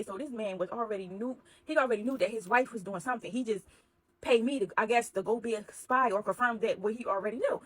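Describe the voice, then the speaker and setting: A woman telling a personal story in casual chat, acting out the dialogue with animated energy. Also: on the high side, breathy edge, rough recording.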